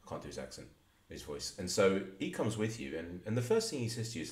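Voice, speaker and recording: A man's voice: sits low, huge pitch swings, fast, few pauses, a little mellow, echoey room, slight background noise. A man co-hosting a casual podcast, rambling and stumbling through a long story. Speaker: podcast co-host.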